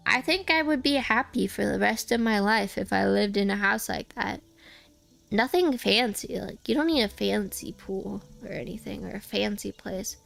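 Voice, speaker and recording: A young woman talks in a loose, rambling way while she streams a game, circling back and restarting her sentences. Her mid-pitched voice carries a gravelly, fried edge, and soft game music plays faintly underneath. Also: animated, moderate pace. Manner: rambling, chatty, restarts often. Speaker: VTuber streamer.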